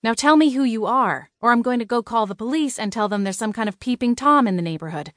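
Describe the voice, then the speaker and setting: A woman voicing a sharp-tongued young witch heroine in an audiobook, snapping out defiant demands. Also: fairly high pitch, animated, moderate pace, no room sound, clean studio sound, voice pushed up.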